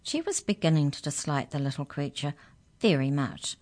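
Lady with a low voice reading a kids' storybook, expressive, bit dramatic. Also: normal speed.

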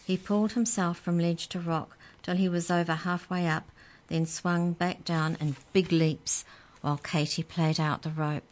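A woman reading a children's story aloud in a calm, measured way. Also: lowish voice.

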